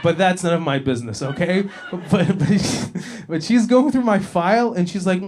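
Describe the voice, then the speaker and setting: Brash stand-up comic, slightly high voice. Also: male voice, lively intonation, normal speed, few pauses, a little mellow, a little hiss or hum. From Libya. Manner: brash, profane, laughing at his own jokes. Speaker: stand-up comedian. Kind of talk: stand-up comedy set. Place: comedy club stage with live audience.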